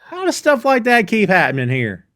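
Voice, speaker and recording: A man hosting a casual podcast, retelling scenes in an animated way. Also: high voice, normal speed, no echo, clean studio sound. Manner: animated storyteller recounting scenes. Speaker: podcast host. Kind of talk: casual recap chat.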